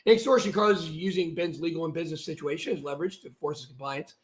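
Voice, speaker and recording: A man on a live stream, reading a document aloud and breaking into heated, shouted asides. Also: a little high, fast, reverberant. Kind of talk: livestream monologue reading out a document.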